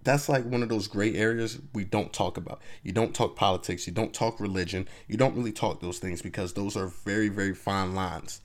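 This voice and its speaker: A man's voice: on the low side, steady tone, brisk, few pauses. A man hosting his own podcast, talking loosely and conversationally as he gives his opinions and keeps asking the listener to agree. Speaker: podcast host. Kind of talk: casual opinion monologue.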